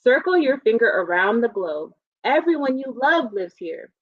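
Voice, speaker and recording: A woman librarian leading a live storytime for young children, reading aloud and explaining in a gentle, encouraging way. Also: on the high side, very animated, normal speed, no echo, phone-quality sound.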